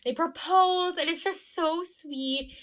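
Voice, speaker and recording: Young female co-host, lively recap chatter, bright voice. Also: very high voice, slow pace. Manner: animated, acts out quotes, laughs. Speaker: podcast co-host. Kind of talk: casual recap chat.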